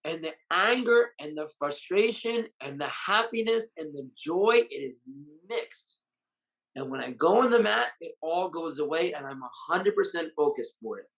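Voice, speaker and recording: A man's voice: a little high, fairly bright tone, poor audio. A Muay Thai fighter and coach, a man, speaking bluntly and with raw emotion in a candid interview, swearing freely. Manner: blunt, heavily profane, openly emotional.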